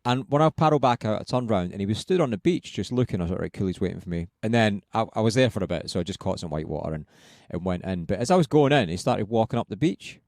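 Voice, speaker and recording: A man's voice: on the low side, quick pace, vocal fry, hardly any pauses, no room sound, studio quality. A Scottish man co-hosting a podcast, chatting casually and telling stories with frequent laughs. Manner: lively storyteller, laughs often, swears casually. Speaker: podcast co-host. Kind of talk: casual chat.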